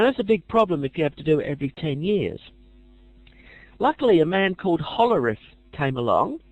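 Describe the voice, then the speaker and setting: A man's voice: fairly high pitch, darkish tone, no echo, muffled recording. A man giving a casual lecture as a teacher, chatty with dry jokey asides.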